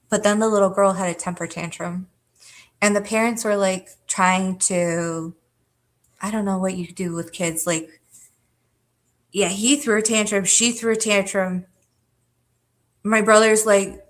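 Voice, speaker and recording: A woman's voice: medium pitch, little pitch movement, measured pace, a bit bright. A woman hosting a livestream, telling a rambling personal story to her chat in casual, profane talk with lots of fillers and frequent laughter. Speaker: livestream host.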